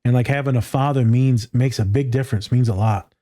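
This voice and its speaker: A man hosting a podcast who talks in an emotional, animated way and swears freely in casual conversation. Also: mid-range voice, brisk. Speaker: podcast host.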